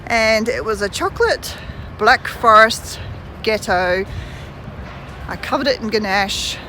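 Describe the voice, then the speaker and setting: A woman's voice: mid-range voice, expressive, measured pace, fairly bright tone, slight background noise, poor audio. A woman in her thirties from New Zealand with a New Zealand accent, chatting casually as a vlogger while walking outdoors and filming on a phone. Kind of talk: casual chat.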